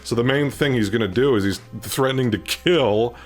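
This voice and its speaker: A young man hosting a casual vlog, telling a story in an animated, swearing way and climbing loud when he quotes himself. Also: medium pitch, moderate pace, soft background music. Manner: animated, profane, rising to near-shouting when quoting himself. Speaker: channel host.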